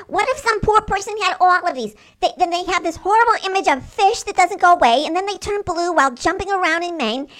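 A woman voicing a bubbly, excitable female guest with a New York accent who gushes and rambles. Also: very high voice. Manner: gushy, exclamatory, rambling. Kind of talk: comic character chat.

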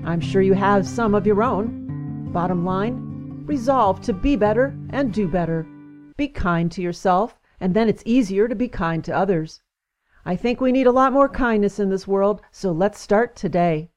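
A woman serves as host of a trivia game, happily reading facts aloud to guests and often laughing. Her mid-range voice has a darkish tone at normal speed, with faint music in the background.

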